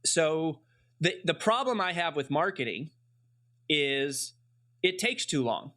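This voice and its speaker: A man's voice: fairly high pitch, expressive, slow, bright, forceful tone. A man hosting a casual interview, asking rambling, chatty questions full of fillers. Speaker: podcast host.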